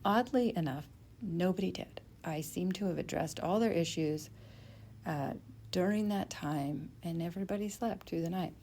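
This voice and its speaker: A woman with a low, mellow voice tells a personal story as a podcast host. She talks in a candid, reflective way and lets her voice sink to a near whisper for her inner thoughts, with a faint hiss behind her. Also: moderate pace.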